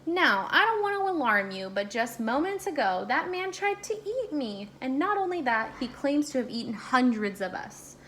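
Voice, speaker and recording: A woman voicing a fussy, excitable little male doughnut in a children's storybook read-aloud, prim and dramatic. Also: moderate pace, few pauses, a little hiss or hum, heavily acted. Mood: urgent. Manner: high-pitched, prim and dramatic.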